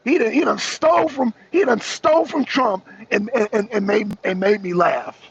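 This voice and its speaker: A man's voice: high-pitched, moderate pace, vocal fry. A man hosting a talk show, riffing casually to his viewers, rambling and repeating himself, laughing often and using slang. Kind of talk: casual political commentary to viewers. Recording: dull lo-fi recording.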